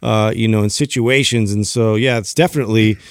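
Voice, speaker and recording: A man's voice: lowish voice, fairly even intonation, no room sound. Thoughtful man, dry close mic. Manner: thoughtful, measured, many fillers. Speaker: podcast co-host. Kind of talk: casual chat.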